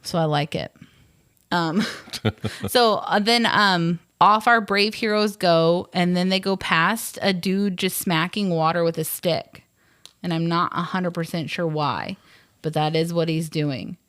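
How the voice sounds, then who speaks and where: A woman's voice: on the low side, unhurried, fairly bright tone, clear, resonant tone, dry recording, clean studio sound. A woman co-hosting a film podcast, chatty and rambling as she retells scenes with lots of fillers. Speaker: podcast co-host. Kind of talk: casual movie recap.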